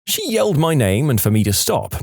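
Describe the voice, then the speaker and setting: A man narrating submitted stories for a storytelling channel, with expressive, playful delivery. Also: fairly high pitch, fairly quick, gravelly, dry recording, studio quality. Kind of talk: reading submitted stories aloud.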